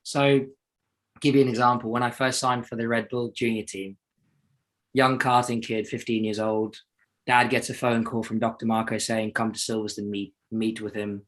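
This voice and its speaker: A man's voice: medium pitch, level tone, normal speed, fairly bright tone. A young adult man from South Africa, a racing driver talking casually as an interview guest, rambling and self-deprecating with many restarts.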